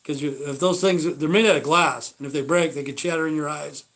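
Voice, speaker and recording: Fifties American man, slightly high voice, blunt profane livestream rambler who trails off a lot. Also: a little fast, fairly bright tone. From United States. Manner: blunt, swears constantly, trails off with "you know". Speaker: livestream host. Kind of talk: rambling casual monologue.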